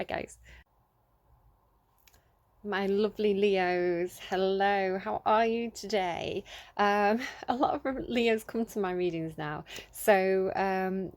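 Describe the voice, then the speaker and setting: A woman's voice: medium pitch, gravelly. A woman giving a casual tarot reading into her phone, talking in a chatty, rambling way with plenty of fillers. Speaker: tarot reader.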